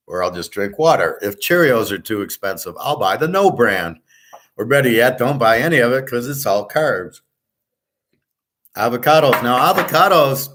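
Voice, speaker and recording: A man's voice: mid-range voice, fairly bright tone. A man hosting a casual monologue, talking bluntly and rambling, with the odd swear word. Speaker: host.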